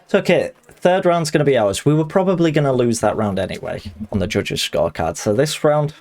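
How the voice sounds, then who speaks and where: A man talks his audience through a fighting game live on stream. He is excitable and jokey, with a lively, swooping pitch. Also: a little fast. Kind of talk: live gaming commentary.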